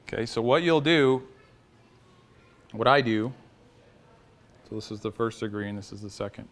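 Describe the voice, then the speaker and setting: A man teaching a small group in a relaxed, conversational way, asking them questions and joking now and then. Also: lowish voice, moderate pace. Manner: conversational, quizzes the audience, jokes lightly. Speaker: workshop teacher.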